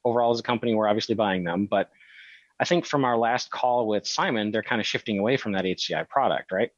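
A man co-hosting a casual podcast, chatting in an animated, storytelling way. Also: fairly low pitch, quick pace, no room sound. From Wisconsin. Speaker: podcast co-host. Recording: dry, slightly muffled audio.

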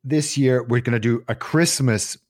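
A man co-hosting a loose, chatty podcast. His voice sits at an ordinary middle pitch, and he swears freely, jokes and slips into voices for the people in his stories. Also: moderate pace, darkish tone. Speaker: podcast co-host. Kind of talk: casual chat.

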